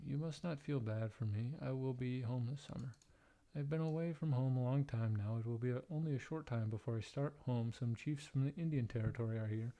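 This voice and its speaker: A man livestreaming, reading old letters aloud in a plain, halting way, breaking off for blunt, profane joking asides. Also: medium pitch, dark tone. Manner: plain, halting read-aloud delivery, stumbling and restarting over odd wording.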